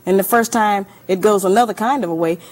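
A woman being interviewed as an author, speaking in an earnest and deliberate way. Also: mid-range voice. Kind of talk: televised interview.

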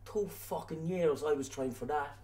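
An actor with a Cork accent playing a hot-tempered young jilted boyfriend who swears constantly. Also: male voice, on the high side, normal speed, a little mellow, lightly acted. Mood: rueful. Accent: Cork Irish. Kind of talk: film acting.

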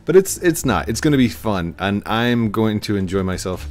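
A man's voice: sits low, lively intonation, fairly quick, few pauses, darkish tone. A man with a rural Missouri twang, rambling and chatting through casual gameplay commentary as a gaming channel host, often mocking himself with a chuckle. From Missouri, USA. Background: faint game music.

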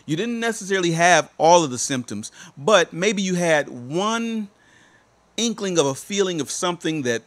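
A man with a slightly higher voice delivers a motivational coaching monologue. He leans on repeated rhetorical questions and swings from quiet, drawn-out lines to emphatic ones. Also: expressive. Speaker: life coach.

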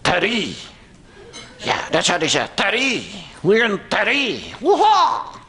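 Redneck puppet, Southern US accent, brash, bright, lively pitch. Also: male voice, slow pace, full character voice. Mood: cheeky. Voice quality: high, hollering and whooping. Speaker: ventriloquist's dummy. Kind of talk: stand-up ventriloquist act. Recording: noisy comedy club.

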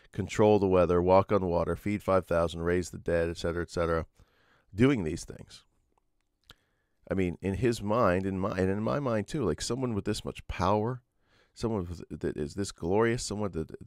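A man's voice: low-pitched, dry recording, clean studio sound. A man preaching a sermon, earnest and explanatory, often restarting his sentences with fillers. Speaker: pastor.

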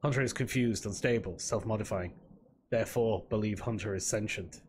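A man's voice: fairly low pitch, brisk, a little mellow, a little hiss or hum, voice pushed down, natural voice. A man voicing a damaged vending-machine AI that speaks in terse, broken fragments, reading game dialogue aloud. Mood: clipped, urgent. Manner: clipped fragmented speech.

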